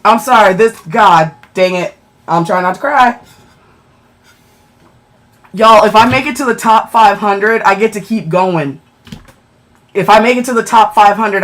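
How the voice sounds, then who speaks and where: A woman chatting on a livestream, excitable and emotional as she thanks viewers for gifts and checks her ranking. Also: medium pitch.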